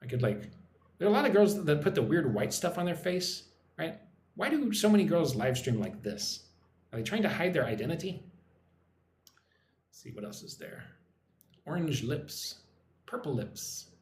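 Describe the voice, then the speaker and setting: A man's voice: a little high, very animated, normal speed, long pauses, darkish tone. Playful, chatty man in a roomy echo. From Texas. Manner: playful, chatty, amused exclamations. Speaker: English teacher streaming live. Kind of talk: casual live stream chat. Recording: roomy echo, faint background noise.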